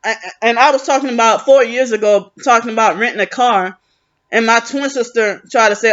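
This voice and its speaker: A woman's voice: on the high side, brisk, a bit bright, dull audio. A woman venting in a rambling, aggrieved vlog monologue, often restarting her sentences. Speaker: vlogger.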